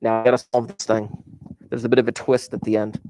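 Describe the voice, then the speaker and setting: A man teaching a high school math class, chatty and informal, who repeats key phrases to drive them home. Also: little pitch movement, fast, a little mellow, a little hiss or hum. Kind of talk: recorded classroom math lesson.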